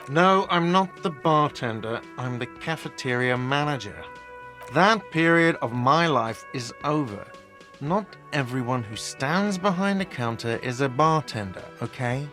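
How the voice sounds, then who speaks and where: A man's voice: mid-range voice, expressive, a little slow, sharp tone, soft background music. An actor playing a petty, defensive male cafeteria manager in a video game, with a whiny voice and snippy, indignant retorts.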